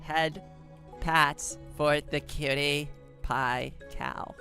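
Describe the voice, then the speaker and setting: A woman's voice: low-pitched, steady tone, very slow, gravelly, bright, forceful tone, faint music behind. A woman streamer chatting casually with her viewers, giggly and playful, often laughing at herself. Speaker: live streamer.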